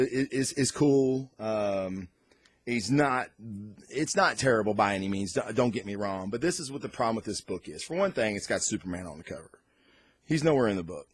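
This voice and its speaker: Cursing freely and full of excitement, a man unboxes and reviews comics in a relaxed vlog. His voice is on the low side, recorded with no room sound.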